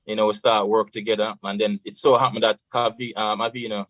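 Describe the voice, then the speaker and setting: A man's voice: lowish voice, flat delivery, fairly quick, fairly bright tone, slight background noise, rough recording. A Jamaican man, a radio guest, tells a long story in a loose, casual way, slipping into patois and saying "you know" often. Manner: rambling, full of "you know" and patois phrases.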